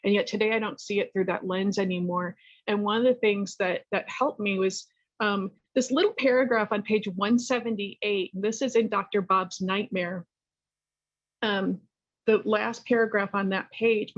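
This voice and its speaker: A middle-aged woman from California sharing her personal recovery story at a meeting, candid and rambling, lively when she tells a story. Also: mid-range voice, measured pace, dry recording, lo-fi sound. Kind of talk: personal testimony talk.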